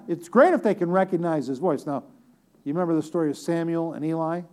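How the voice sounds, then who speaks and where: Male preacher, casual sermon delivery, repeats himself, jokes with the room, voice on the higher side. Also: quick pace, mellow. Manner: chatty, repetitive, joking asides to the congregation. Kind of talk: conversational sermon.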